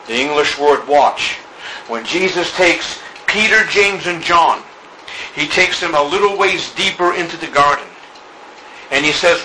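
Male preacher, bright forceful tone, emphatic repetitions, church sermon delivery. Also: fairly high pitch, slight background noise, low-quality recording. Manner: emphatic preaching with repeated phrases and drawn-out words. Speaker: pastor. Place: church during a service.

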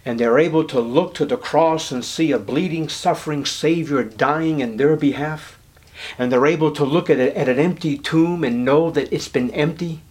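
Fervent preacher man, booming then hushed. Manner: swings from low murmurs to high, loud emphatic declarations; drawn-out words for emphasis. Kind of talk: evangelical sermon.

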